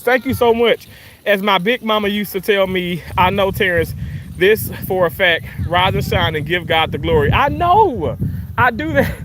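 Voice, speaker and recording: This man's voice sits high, with background noise in the clip. He's a Southern-accented livestream host from Mississippi, USA, in his thirties, casually chatting, reading viewer comments out loud, and laughing a lot.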